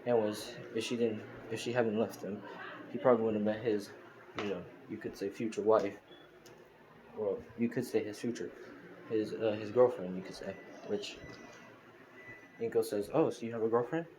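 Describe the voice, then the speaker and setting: A man with a low voice talks his way through a fan story, rambling and leaning on fillers. The home screen recording carries a clear hiss. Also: level tone, normal speed, long pauses. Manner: rambling, full of fillers like "you know" and "pretty much". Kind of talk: casual spoken fan story.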